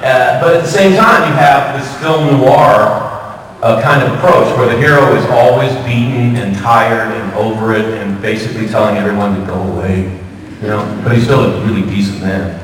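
A man's voice: on the low side, normal speed, slight background noise. Man answering questions in an echoey hall. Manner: chatty and animated, laughs often. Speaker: convention panel guest. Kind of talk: panel Q&A answers. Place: large convention hall. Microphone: recorded from the audience. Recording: distant echoey hall, loud crowd.

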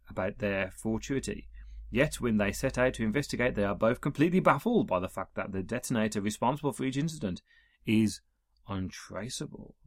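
A man reads a list of old television episodes aloud, stopping to drop dry, amused asides between entries. His voice sits at a middle pitch and is recorded close and dry, with no room sound at all. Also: no room sound. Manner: reads listings, adds wry chuckling asides. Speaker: presenter reading an episode guide. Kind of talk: casual read-through with asides.

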